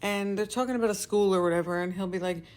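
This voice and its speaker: A young adult woman giving a casual movie review. She talks in a chatty, animated way, laughing often and acting out her own reactions. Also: mid-range voice, quick pace.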